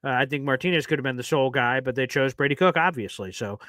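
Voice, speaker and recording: Southern-accented male sports-show host, bright and forceful, animated, teasing, dry close sound. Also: medium pitch, fast, no room sound. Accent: Southern American. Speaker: podcast host. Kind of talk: casual sports talk.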